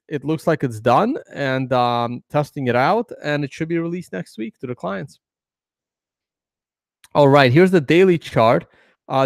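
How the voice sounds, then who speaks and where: A man's voice: medium pitch, creaky, no echo, studio quality. A man hosting a casual trading video, talking through charts in a rambling way, with many fillers and restarts. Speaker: crypto trading video host. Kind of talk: casual chart analysis commentary.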